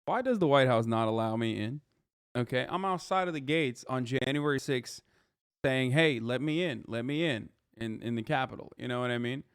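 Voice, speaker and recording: A man's voice: mid-range voice, normal speed, clean tone, dry recording, studio quality. A man in his thirties reacting to a news video on a livestream, ranting heatedly and swearing often as he talks to his chat. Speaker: livestream commentator.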